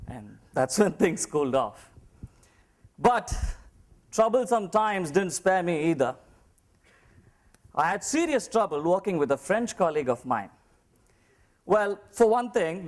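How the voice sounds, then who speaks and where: A man from Chennai with an Indian English accent, giving a humorous contest speech and mimicking other accents in his story. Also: high voice.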